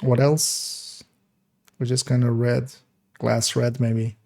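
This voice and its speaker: A man in casual live-stream commentary, thinking aloud at an unhurried pace as he works through numbers. His voice is gravelly with vocal fry and has a dark, mellow tone, often trailing off into hesitant fillers. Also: mid-range voice, little pitch movement. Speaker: game streamer.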